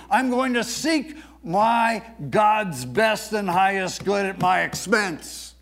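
A man with a high voice preaching a sermon at an unhurried pace. He lingers on emphatic phrases and leads the congregation in call-and-response recitation. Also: gravelly, fairly bright tone. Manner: deliberate, with emphatic slowed phrases. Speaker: pastor.

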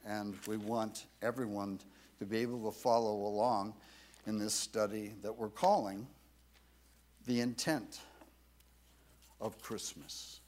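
A man preaching a sermon to his church in a measured, deliberate way. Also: on the low side. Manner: slow, measured preaching with lively rises and falls. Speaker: pastor.

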